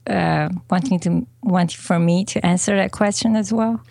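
A woman guest speaking hesitantly with many pauses and fillers in a casual interview. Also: fairly low pitch, vocal fry, dark tone, no room sound. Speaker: podcast guest, business coach.

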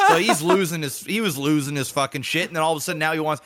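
A man in his thirties co-hosting a casual podcast, who tells stories with a lot of energy, swears, and jumps to a high voice when he quotes people. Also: fast talker, hardly any pauses. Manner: animated storyteller, acts out quotes in a high voice, swears. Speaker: podcast co-host. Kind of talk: casual chat.

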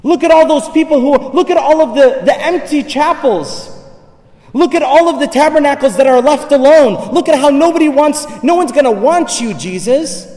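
A priest putting on a taunting devil. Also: male voice, extremely high pitch, animated, normal speed, a little mellow, voice pushed up. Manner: mocking, insistent, repetitive. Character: taunting male devil tempting Jesus. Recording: echoey church hall from far off.

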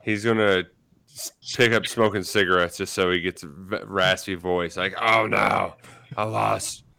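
A man co-hosting a sports talk show who lays out player analysis in a casual way. His voice is smooth and clear, and the sound is dry and close. He slips in the occasional dry joke. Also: low voice, flat delivery, normal speed, sharp tone, no echo. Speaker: sports radio co-host.

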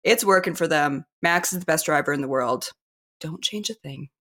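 A woman co-hosting a casual sports podcast, animated and quick to laugh. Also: sits low. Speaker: podcast co-host.

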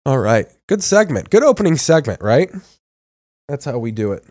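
A man's voice: mid-range voice, very animated, normal speed, a little mellow, no echo, studio quality. A man hosting a podcast, doing casual, profane commentary in a mocking, crude tone with heavy swearing. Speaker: podcast host. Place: studio in a large city.

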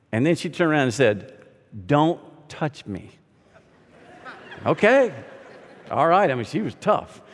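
Storytelling pastor, light tenor, reverberant hall. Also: male voice, sits high. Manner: storytelling with humor, lively and conversational. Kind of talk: sermon. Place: large hall or sanctuary.

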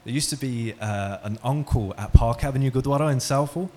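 Brisk and dark-toned, a man's mid-range voice carries an interactive talk in a hall with an audience. He engages the listeners by questioning them and sharing stories.

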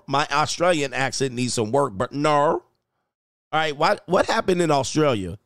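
A man's voice: mid-range voice, fairly bright tone, dry recording, studio quality. A man hosting his channel as a coach, joking through casual reaction commentary and reading news stories aloud.

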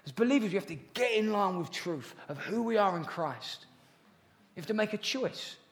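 High-voiced preacher in echoing hall. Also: male voice, animated, moderate pace. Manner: earnest, chatty, with jokey asides to the congregation. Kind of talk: sermon. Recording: long reverb of a large hall.

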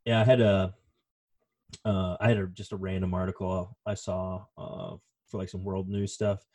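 Brief: male podcast co-host, lowish voice, casual, rambling, swears freely. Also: flat delivery, normal speed, darkish tone. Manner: rambling, profane, lots of fillers. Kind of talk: casual chat.

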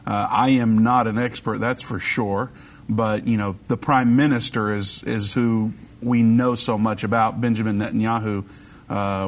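An American man hosting a radio talk show, chatting in a lively, joking way with many fillers. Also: lowish voice. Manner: animated, jokey, hesitant with fillers.

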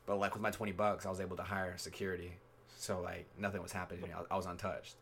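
A man's voice: low-pitched, flat delivery, fast talker, a bit bright, a little hiss or hum. A young man hosting a podcast, telling stories in a laid-back, slangy way and laughing often. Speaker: podcast host. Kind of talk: casual chat.

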